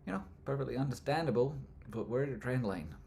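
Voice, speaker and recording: A man hosting a live stream, answering chat questions in rambling talk that trails off into mumbles and jumps to loud jokey bursts. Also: mid-range voice, lively intonation, brisk, vocal fry, a little hiss or hum. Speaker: livestream host answering chat. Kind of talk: casual live chat, stock chart commentary.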